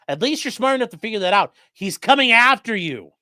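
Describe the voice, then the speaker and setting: A man's voice: high-pitched, very animated, quick pace, hardly any pauses, bright, forceful tone, no echo, studio quality. A man doing mocking, sarcastic live-stream commentary while reading chat, swearing often.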